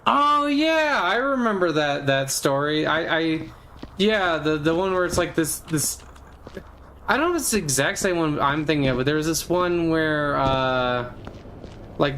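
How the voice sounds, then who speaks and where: A man's voice: unhurried, a bit bright, slight background noise, poor audio. Rambling playful male streamer. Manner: rambling and playful, many fillers, bursts into squeaky silly voices. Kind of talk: casual gaming stream chat.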